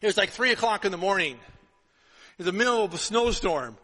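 A middle-aged man preaching a sermon as pastor, telling stories and acting out the dialogue with lively energy. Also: sits high, moderate pace. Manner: storytelling, animated with acted-out dialogue. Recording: long reverb of a hall.

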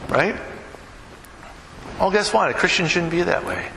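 A middle-aged pastor preaches in a chatty, storytelling way, tossing "right?" to the congregation. His voice sits a little high for a man. The sound rings through a reverberant sanctuary with noticeable background hiss. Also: measured pace, creaky. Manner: conversational, keeps asking "right?"; tells stories with vivid, animated mimicry. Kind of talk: sermon. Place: church sanctuary. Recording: echoey hall, noisy room tone.

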